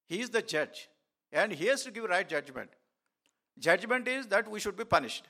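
A man's voice: a little high, expressive, normal speed, pushed and bright. A man preaching a sermon as a pastor, telling a story with many fillers and restarts.

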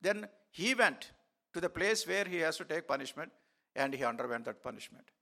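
Male pastor, sermon delivery, gravelly and bright, halting storyteller with frequent "uh"s. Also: a little high, lively intonation. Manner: storytelling with many fillers and restarts.

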